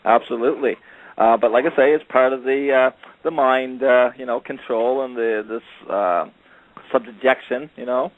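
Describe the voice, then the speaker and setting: A man's voice: mid-range voice, fairly even intonation, normal speed, no echo. A man telling a long story in casual radio chat, rambling with many fillers and acting out the voices of the people he met. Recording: phone-line call-in radio audio.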